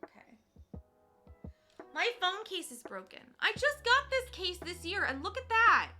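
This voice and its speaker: Young woman streamer, high piercing voice, chatty and teasing, swears freely, crafting on stream. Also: sing-song, measured pace, bright, forceful tone, faint music behind. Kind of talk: casual live-stream chat while cross-stitching.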